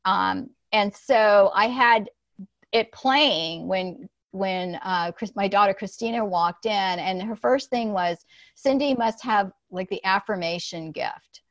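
A woman's voice: medium pitch, takes it slowly, no room sound. A middle-aged woman hosting a podcast, chatting casually and rambling through fillers and restarts. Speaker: podcast host. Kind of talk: casual chat. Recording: dull, dry lo-fi recording.

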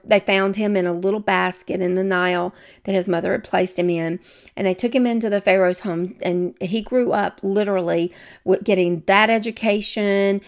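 Chatty Southern woman teaching Scripture. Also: mid-range voice. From American South. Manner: warm, chatty asides to listeners, self-deprecating. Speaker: Bible teacher. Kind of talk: conversational Bible teaching.

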